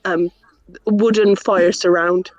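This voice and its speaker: A woman's voice: on the low side, steady tone, takes it slowly, no echo, highs cut off. A woman telling a teasing story in a casual streamed group chat.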